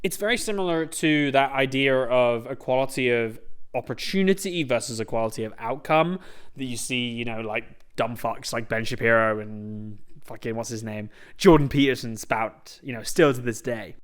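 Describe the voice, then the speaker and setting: Young man, video essay host, sarcastic, sweary, ranting, average pitch. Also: normal speed, clean tone.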